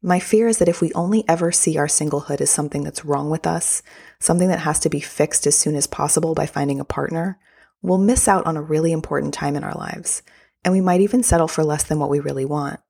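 Low-voiced woman podcast host. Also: fast, gravelly, mellow, slightly rough. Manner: upbeat and gushing, with filler words. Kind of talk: casual podcast monologue.

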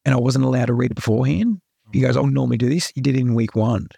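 Australian man, podcast guest, candid earnest storytelling, husky voice, dry sound. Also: mid-range voice, very fast, mellow, dry recording. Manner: earnest, repeats himself, full of likes and rights.

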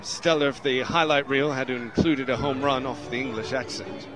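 Announcer in a put-on English accent. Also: male voice, medium pitch, steady tone, normal speed. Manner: playful, mock-formal, self-mocking. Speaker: radio play-by-play announcer. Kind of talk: baseball play-by-play commentary. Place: radio broadcast booth.

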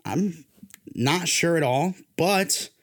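A man's voice: on the high side, animated, slow pace. Young male sports podcast host, worn-down voice, casual and jokey. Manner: loose, joking, pushes himself to sound hyped.

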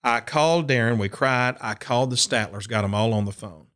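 In a storytelling interview, this man, a country and bluegrass singer hailing from Upper Cumberland, Tennessee, brings quotes to life with animation. He speaks fairly quickly at a medium pitch, with a slightly bright tone.

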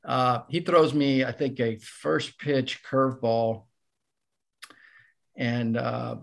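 An older man with a gravelly, creaky voice tells a long story on a podcast. He is animated and acts out the voices of the people he quotes. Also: medium pitch, takes it slowly. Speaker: podcast guest, former ballplayer. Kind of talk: casual storytelling.

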